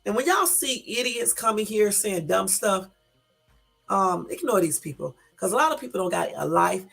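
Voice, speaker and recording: A woman's voice: medium pitch, expressive, moderate pace, gravelly, fairly bright tone, slightly rough. A woman hosting a casual live stream, reading out news and talking straight to her viewers with emphatic, exasperated asides. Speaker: YouTube live-stream host. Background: faint background music.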